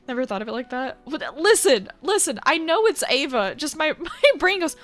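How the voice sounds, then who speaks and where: High, lively rambling woman streamer. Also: moderate pace, no room sound, soft background music. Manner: rambling and giggly. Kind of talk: casual chat.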